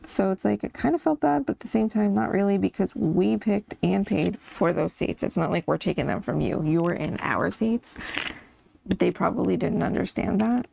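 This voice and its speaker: A woman's voice: mid-range voice, gravelly, dark tone, slight background noise. A woman hosting a coloring channel, chatting casually and rambling about her family while she colors, laughing now and then.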